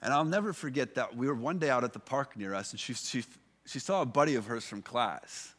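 A man's voice: medium pitch, animated, brisk, fairly bright tone. Man preaching a casual sermon. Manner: conversational preaching with fillers and restarts. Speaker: pastor.

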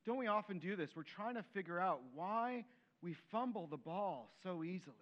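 A man preaching a sermon in an animated way, acting out quoted voices and dropping to soft, gentle tones. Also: sits high, normal speed, muffled recording. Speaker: pastor.

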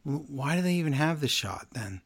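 A man casually recapping a wrestling show, sarcastic and animated, reading from his notes. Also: a little high, brisk, gravelly, husky. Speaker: podcast host recapping wrestling. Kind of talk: casual chat.

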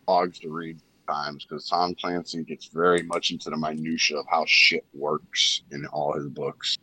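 A man hosting a casual podcast chat, swearing freely and telling animated stories. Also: extremely low pitch, normal speed, slightly rough, rough recording. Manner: profane, animated storytelling with mock impressions. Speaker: podcast host.

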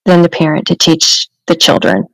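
A woman's voice: deep voice, lively intonation, moderate pace, gravelly, dry recording, low-quality recording. Woman telling homey stories, dry sound. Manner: warm storytelling with frequent restarts and "you know". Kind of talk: casual chat.

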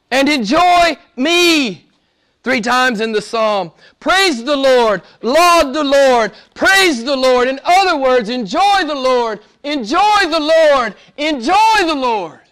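A man preaching a sermon and praying to a live congregation, earnest, slowing down and stretching key words for emphasis. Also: extremely high pitch, expressive, a bit bright.

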